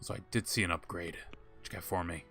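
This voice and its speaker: Young male streamer, low bright voice, casual running commentary over gameplay. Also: fairly even intonation, a little fast, vocal fry, soft background music. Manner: chatty, thinks aloud, laughs at himself. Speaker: streamer playing a game.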